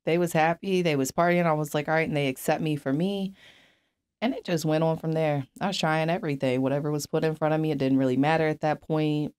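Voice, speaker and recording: A woman's voice: low-pitched, fairly even intonation, fast, darkish tone, clean tone. Blunt, profane young woman telling her story. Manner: blunt, profane, many fillers. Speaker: interview guest. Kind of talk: candid personal storytelling.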